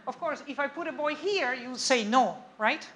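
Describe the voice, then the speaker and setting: A woman's voice: high-pitched, expressive, moderate pace, a bit bright, slight background noise. A woman giving an academic lecture in a conversational way, often checking in with her audience. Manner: conversational, checks understanding with frequent "okay?" and "right?". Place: lecture room.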